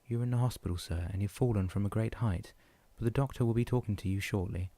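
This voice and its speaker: A man voicing a patient female nurse in a soft, calming tone. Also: lowish voice, fast, no echo. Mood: soothing.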